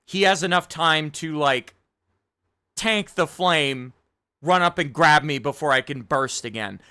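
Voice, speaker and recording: A man's voice: a little high, measured pace, bright, forceful tone, smooth. A young man chatting casually on a live game stream, rambling, self-critical and swearing often.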